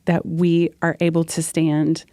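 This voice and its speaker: A woman's voice: low-pitched, flat delivery, a little slow, warm tone, no room sound, clean studio sound. A woman worship leader telling stories earnestly in a casual podcast conversation, laughing often.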